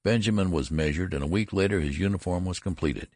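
A man narrating a story aloud in a measured, expressive way. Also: low-pitched, no echo, studio quality. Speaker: audiobook narrator. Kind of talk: scripted narration.

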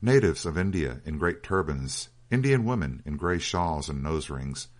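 A man with a very low voice reads a story aloud as an audiobook narrator. His delivery is measured and steady.

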